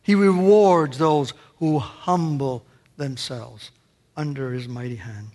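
Male pastor, high-pitched, impassioned preaching with big rises and hushed drops, long hall echo. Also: slow pace. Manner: impassioned preaching, rising high on questions and dropping to a hush. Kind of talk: sermon.

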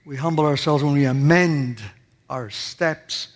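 Male pastor, high-pitched, impassioned preaching with big rises and hushed drops, long hall echo. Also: unhurried. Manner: impassioned preaching, rising high on questions and dropping to a hush. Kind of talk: sermon.

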